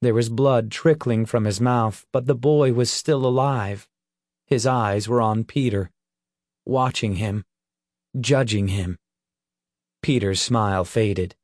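A man reading an audiobook in a measured, deliberate storytelling manner. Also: mid-range voice, darkish tone, no room sound, studio quality. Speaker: audiobook narrator. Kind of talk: scripted narration.

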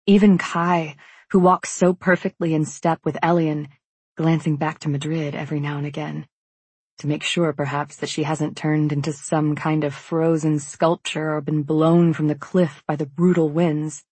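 A woman narrating a first-person fantasy novel in a calm, reflective way. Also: low voice, measured pace, slightly rough, no echo. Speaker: audiobook narrator.

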